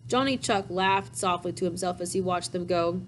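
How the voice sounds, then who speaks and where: A woman reading a classic children's storybook aloud, pausing to explain things to young listeners in a gentle, chatty way. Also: lowish voice, slight background noise, poor audio. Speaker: storybook reader.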